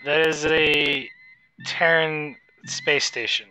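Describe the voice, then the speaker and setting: A game master voicing a wary female Resistance agent from a hostile empire, who speaks in guarded, measured warnings. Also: mid-range voice, flat delivery, over music, close to an everyday voice, low-quality recording.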